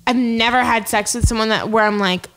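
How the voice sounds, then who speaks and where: A woman's voice: on the high side, steady tone, a little fast, a bit bright. A drunk woman co-hosting a casual podcast chat, slurring a little and rambling with giggles.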